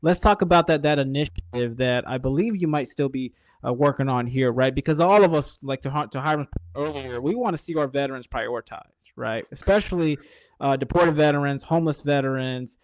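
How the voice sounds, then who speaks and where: Male podcast host, enthusiastic, speaks to listeners, mid-pitched, dry room. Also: brisk, dry recording. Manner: enthusiastic, addresses the audience. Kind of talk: podcast interview.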